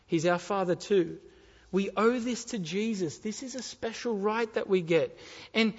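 A man delivers a sermon in a fairly high voice, emphatic and fond of repeating his key phrases and asking the congregation questions. The sound is a little dull and muffled, and a long reverb trails from the church hall around him. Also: normal speed. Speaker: preacher.

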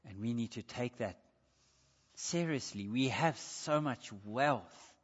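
A man's voice: mid-range voice, expressive, slow, breathy edge. A man preaching a sermon, earnest, asking his listeners rhetorical questions and reading scripture aloud. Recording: dull sound with long hall reverb.

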